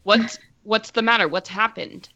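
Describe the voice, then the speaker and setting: A woman voicing a commanding woman leader who asks sharp questions and gives clipped orders. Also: mid-range voice, fairly even intonation, a little slow, muffled recording, voice pushed up. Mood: alarmed.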